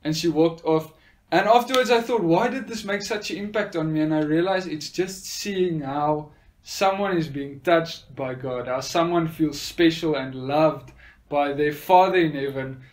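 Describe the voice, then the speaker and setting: A man tells a personal faith testimony in an earnest, sincere way. His voice sits a little higher than most men's, and he often pauses on soft fillers as he gathers his thoughts. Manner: earnest, with frequent hesitant fillers. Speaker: speaker sharing a faith testimony.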